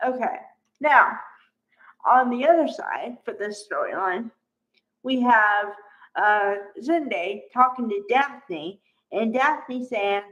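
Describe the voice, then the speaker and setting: A middle-aged woman giving a casual, animated recap of soap episodes, exasperated and acting out the characters' lines. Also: fairly high pitch, takes it slowly. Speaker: soap opera recap host. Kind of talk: casual recap and opinion vlog. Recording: slightly dull lo-fi recording.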